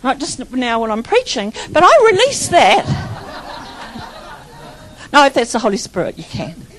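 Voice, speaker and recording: Woman preacher, high voice, charismatic sermon, rambling and fervent. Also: huge pitch swings, measured pace, some chatter behind, slight background noise, rough recording. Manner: fervent, repeats phrases, breaks into laughter; rambling with restarts and stumbles.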